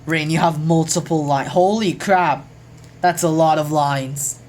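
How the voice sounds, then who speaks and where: A woman's voice: low-pitched, fairly even intonation, a little slow, darkish tone, slight background noise, poor audio. A woman casually reading out and joking about lines from a class quote journal, chatty, rambling and swearing now and then. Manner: chatty, jokey, swears casually, trails off mid-sentence.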